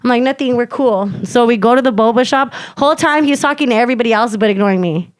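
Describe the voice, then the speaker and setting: A woman's voice: fairly high pitch, quick pace, clear, resonant tone, no echo. A young woman and podcast co-host telling a story in casual slangy chat, acting out quotes and using lots of fillers. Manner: animated, slangy, many fillers, acts out quotes.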